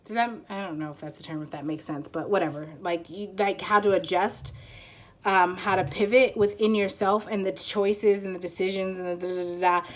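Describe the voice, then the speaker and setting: A woman's voice: mid-range voice, fairly even intonation, moderate pace. A woman giving a casual pick-a-card tarot reading, rambling and giggly as she searches for words.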